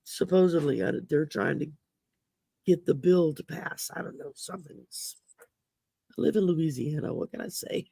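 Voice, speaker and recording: A woman hosting a casual livestream chat, her voice growly from damaged vocal cords, rambling and halting with many fillers. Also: deep voice, vocal fry, warm tone, husky, no echo. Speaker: host.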